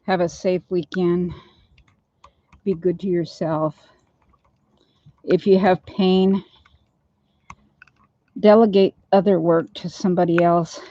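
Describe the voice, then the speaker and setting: A woman's voice: lowish voice, fairly even intonation, takes it slowly, long pauses, mellow. An older woman vlogging in a casual, rambling way from her home and yard, laughing easily as she chats. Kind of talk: casual chat. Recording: dull lo-fi phone audio.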